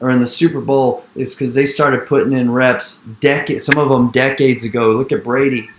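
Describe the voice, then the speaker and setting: Animated male investor in an echoey room. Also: mid-range voice, normal speed, background noise. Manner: animated, repeats phrases, acts out quoted dialogue. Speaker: real estate investor speaking to an investor group. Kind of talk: energetic storytelling talk.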